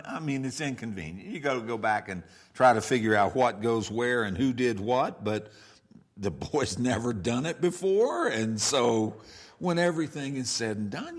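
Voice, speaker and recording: Guy preaching a revival sermon, lively up and down voice, goes loud then drops to a hush. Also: medium pitch. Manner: storytelling, swings from loud outbursts to hushed asides. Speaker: pastor.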